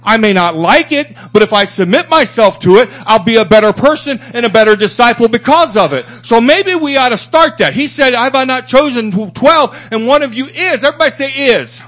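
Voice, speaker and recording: A man's voice: very high voice, lively intonation, normal speed, few pauses, a bit bright. A man preaching a sermon to a small church congregation, fervent and repetitive, building up his phrases for emphasis. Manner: fervent, rising and repeating for emphasis.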